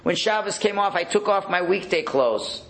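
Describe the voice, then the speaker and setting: A fervent Hasidic rebbe cries out to God in a raised, straining voice, close to tears, as a preacher acts him out. The pitch climbs well above the speaker's usual register. A gravelly edge runs under every line. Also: male voice, animated, normal speed, a bit bright, heavily acted. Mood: fervent pleading. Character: ecstatic male Hasidic rebbe pleading with God.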